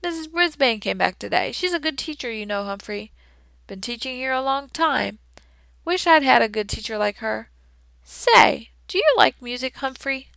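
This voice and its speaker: A woman voicing a jovial, booming male night janitor who talks in a loud, hearty, chatty way. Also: lively intonation, normal speed, vocal fry, no echo, full character voice. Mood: jolly.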